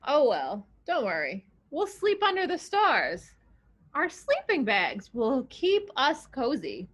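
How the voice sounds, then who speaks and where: A woman's voice: sits high, wildly swooping pitch, slow pace, a bit bright, heavily acted. A woman voicing a small, patient female mouse who reassures her friend in a storybook read-aloud. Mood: reassuring. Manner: cheerful and reassuring.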